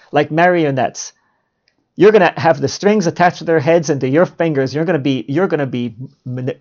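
A man, a teacher hosting a podcast, telling stories in a lively way and acting out the dialogue. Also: fairly high pitch. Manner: lively storytelling, acts out dialogue. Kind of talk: storytelling podcast monologue. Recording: slightly muffled lo-fi recording.

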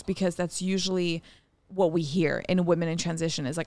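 A young woman speaks in a lowish voice, telling a story in a frank, unfiltered way. She swears freely and laughs often while she talks. Her voice sounds close and dry, with no room sound. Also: steady tone, a little fast, gravelly, darkish tone, no room sound. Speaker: podcast co-host. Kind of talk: candid storytelling chat.

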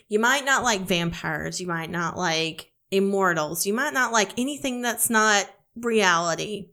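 A woman co-hosting a casual podcast, gushing excitedly about books and swearing freely. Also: medium pitch, normal speed, few pauses. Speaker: podcast co-host.

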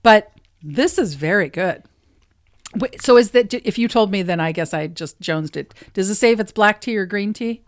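A middle-aged woman co-hosting a casual podcast, chatty and quick to laugh, often trailing off mid-sentence. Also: mid-range voice, animated. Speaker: podcast co-host. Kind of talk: casual chat.

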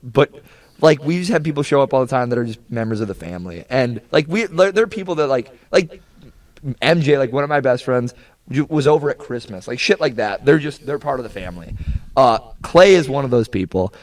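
A man's voice: mid-range voice, lively intonation, brisk. A young man chatting casually as a podcast guest, rambling and swearing freely. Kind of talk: casual chat.

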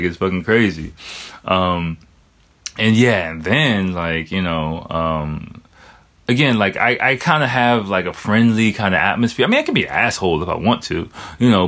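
Young guy with a lowish voice rambling casual, lots of likes and f-words. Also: a bit bright. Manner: loose, profane, heavy on filler words. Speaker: vlogger. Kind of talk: casual storytelling monologue.

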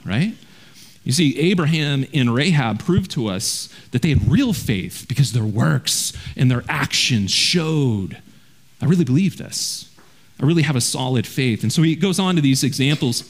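Pastor guy, pretty high voice, preaching verse by verse, keeps asking "right?". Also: a bit bright. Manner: direct, conversational preaching with frequent "right?" check-ins. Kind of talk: verse-by-verse sermon.

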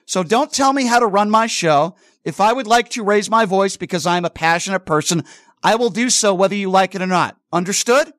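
A man's voice: high voice, brisk, a bit bright, no room sound, studio quality. A man hosting a call-in radio show, interrupting callers firmly and arguing heatedly. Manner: interrupts often, firm and combative. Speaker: radio talk show host.

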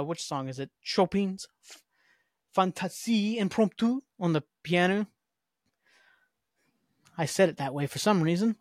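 In a slightly high voice, recorded dry with clean studio sound, a man loosely recaps his podcast episode. The rambling is casual and full of fillers, with an occasional curse word thrown in.

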